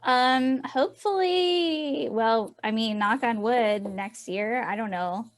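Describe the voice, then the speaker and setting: An author from Tennessee with a Southern accent chats casually as an interview guest. Her fairly high voice moves slowly, and she laughs between rambling, self-deprecating answers.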